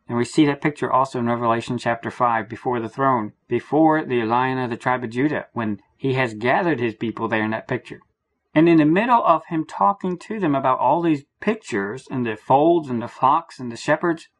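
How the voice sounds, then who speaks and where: A man giving an earnest Bible teaching, slow and emphatic, repeating his phrases for weight. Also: a little high, slightly rough. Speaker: preacher.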